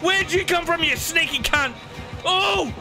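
A man streaming a game, loud and shouting and swearing as he plays. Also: very high voice, a little slow. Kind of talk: live gameplay commentary. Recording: game music playing behind.

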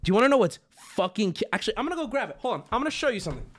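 In a racing, high voice, a man streaming from his home setup launches into an animated, profane, self-mocking rant as he tells his chat a story.

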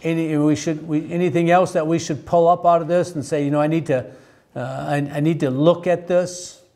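A man's voice: fairly high pitch, fairly even intonation, darkish tone. Male teacher leading a Bible class. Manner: halting, with frequent restarts and questions to the class. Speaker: theology teacher. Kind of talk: interactive Bible study lecture.

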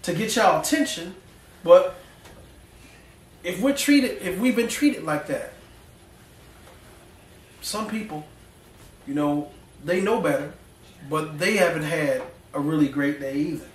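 A man preaching in a church, his voice a bit high for a man and rising as he gets animated. He talks in a folksy way with slang, and the sound is echoey and picked up from some distance, with a faint hum of the room behind him. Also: a little slow, long pauses. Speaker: pastor. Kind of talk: sermon. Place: church sanctuary.

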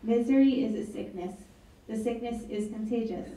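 A woman's voice: a little high, moderate pace, dark tone, far from the mic. A woman author reading her book aloud at an event, with wry, chatty asides. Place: event hall. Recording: echoey hall, mic from afar.

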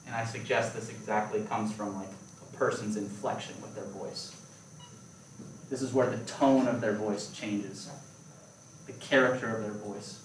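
A man gives a calculus lecture, mixing playful comparisons with quick checks on his students. His voice rings around a roomy hall and sounds distant from the microphone. A faint hum of room noise sits underneath. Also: lowish voice. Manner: animated, playful explanations with rhetorical questions. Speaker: math lecturer. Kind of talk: classroom lecture.

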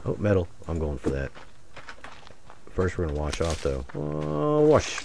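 A low-voiced man with a drawl, chatting through a solo survival game. His pitch swings widely, dropping into mutters and jumping up when excited. Faint noise sits under a plain desk mic. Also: a little fast, vocal fry. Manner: rambling, jokey, mutters asides to viewers. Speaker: gaming channel host. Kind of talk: casual solo gameplay commentary.

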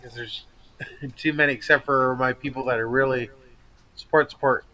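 A man's voice: mid-range voice, fairly even intonation, moderate pace, bright, forceful tone, low-quality recording. A man hosting a live stream, chatting in a friendly way and laughing often. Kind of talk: casual chat.

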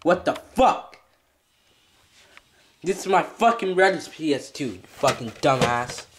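A man's voice: on the high side, expressive, unhurried, noisy background. Swearing man scolding in an echoey room. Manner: scolding, heavy swearing, repeating himself. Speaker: vlogger. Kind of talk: comedy skit acting.

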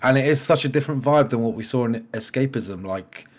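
Male co-host, mid-pitched, enthusiastic and rambling, casual reaction chat. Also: brisk.

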